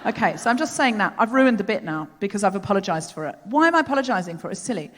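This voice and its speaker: A woman's voice: mid-range voice, lively intonation, racing, fairly bright tone. A woman hosting a live comedy podcast on a theatre stage, telling rambling, self-deprecating stories. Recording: long theatre reverb.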